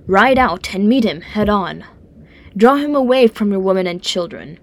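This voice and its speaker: A woman's voice: medium pitch, lively intonation, gravelly. A woman voicing a grave old wizard. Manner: slow, solemn, weighty.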